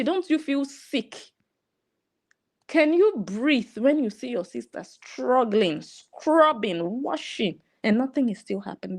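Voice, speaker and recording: Speaking in a slightly high, darkish voice, a woman with a Nigerian English accent gives ranting online commentary. Her tone is sarcastic and scolding.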